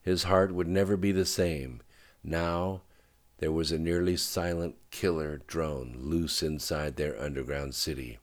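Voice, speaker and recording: A man narrating a thriller audiobook in a steady, subdued way. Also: extremely low pitch, unhurried.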